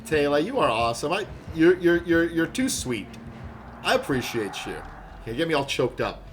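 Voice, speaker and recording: A man's voice: on the high side, very animated, moderate pace, slight background noise. A man doing live gameplay commentary, joking and chatting with viewers in rambling asides. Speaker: game streamer.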